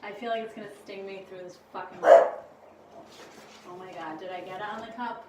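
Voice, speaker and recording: A woman's voice: mid-range voice, steady tone, fairly quick. A woman vlogging casually at home, talking to herself and coaxing an insect, jittery and swearing as she frets. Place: home indoors near a window. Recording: echoey room, distant mic, background noise.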